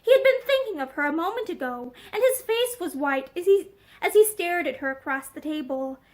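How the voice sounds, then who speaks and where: A woman reads a novel aloud in a steady, expressive voice, indoors in a room with bookshelves. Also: extremely high pitch, brisk. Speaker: narrator.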